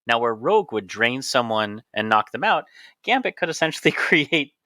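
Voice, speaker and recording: Bright-voiced man explaining steadily. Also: medium pitch, moderate pace, dry recording. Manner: steady, explanatory, playfully leads the topic. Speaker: podcast co-host, physician. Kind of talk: casual podcast chat.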